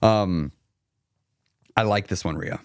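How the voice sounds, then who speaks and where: A deep-voiced man speaks slowly as he gives weight-loss coaching on a live chat stream. He's blunt and emphatic, hammers his main points repeatedly, and lowers his voice when the subject turns to himself. The studio sound is clean, with no echo.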